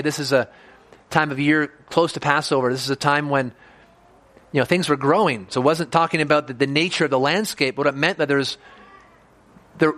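A man's voice: fairly high pitch, fairly bright tone. A man preaching a sermon as pastor, earnestly explaining scripture verse by verse.

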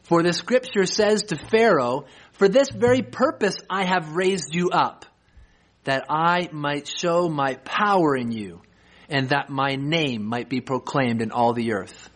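Earnest husky male preacher. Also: fairly high pitch, unhurried, poor audio. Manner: earnest, emphatic, asks rhetorical questions. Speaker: pastor. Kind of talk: expository sermon.

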